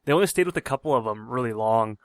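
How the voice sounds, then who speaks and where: A man's voice: mid-range voice, expressive, fast talker, clear, resonant tone, dry recording, clean studio sound. A man co-hosting a podcast, talking casually about a film in an easygoing, hesitant way with frequent restarts. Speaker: podcast co-host. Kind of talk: casual movie review chat.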